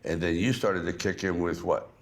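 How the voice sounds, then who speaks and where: An older man hosting a relaxed conversational interview, talking in a slow, reflective drawl. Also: sits low, vocal fry. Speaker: host.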